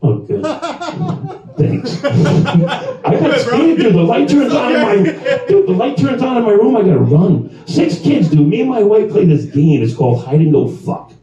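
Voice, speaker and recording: A man's voice: sits high, sing-song, measured pace. Crude, rambling male stand-up comic. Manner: crude, rambling storytelling with shouted punchlines. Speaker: stand-up comedian. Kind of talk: stand-up comedy set. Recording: dull, roomy recording from far off.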